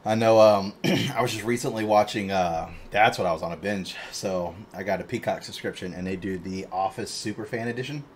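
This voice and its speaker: A man's voice: lowish voice, brisk, few pauses, slight background noise. Foul-mouthed, laughing male podcast storyteller. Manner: animated storyteller, swears constantly, laughs often. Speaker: podcast co-host. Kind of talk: casual chat.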